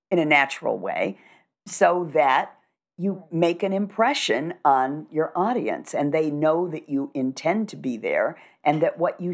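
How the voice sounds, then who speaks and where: In a conversational interview, a middle-aged woman who coaches communication speaks in a low voice. Her manner is instructive, measured and assured.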